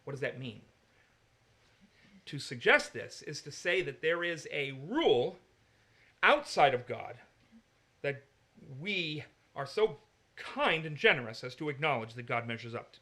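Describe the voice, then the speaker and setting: Man, Bible teacher, fairly high voice, argumentative and emphatic in discussion. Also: sing-song, unhurried, pauses often, bright, forceful tone.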